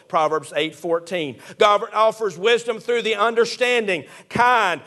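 High-voiced fervent preacher man. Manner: fervent, rising to shouts on key points. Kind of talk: sermon.

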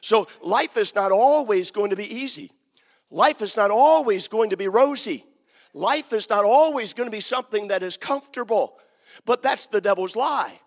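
A man preaching a sermon, telling a story that builds into fervent shouting. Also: high voice, animated, normal speed, long reverb tail.

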